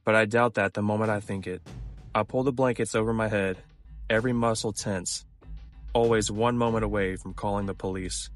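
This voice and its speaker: Low-voiced man narrating scary stories. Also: fairly even intonation, rough recording. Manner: measured, low-key storytelling. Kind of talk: scripted horror story narration. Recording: music clearly behind the voice.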